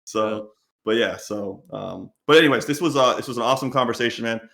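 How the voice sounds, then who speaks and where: A podcast host chats casually, telling animated stories and acting out what people said. His medium-pitched voice is gravelly and brisk, with a roomy sound.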